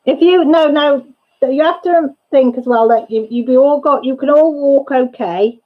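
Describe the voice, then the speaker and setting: A woman's voice: high-pitched, moderate pace, phone-quality sound. A woman hosting a casual crafting livestream from home, rambling and chatty, often breaking off mid-thought. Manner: chatty, rambling, self-interrupting. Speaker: crafting channel host.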